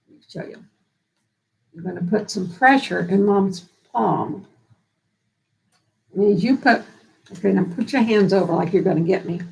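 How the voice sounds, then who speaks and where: On a rough-sounding live stream, a woman with a medium-pitched, gravelly, slightly mellow voice offers dementia care advice. She's folksy, earnest and down-to-earth, often repeating and restarting phrases while thinking aloud.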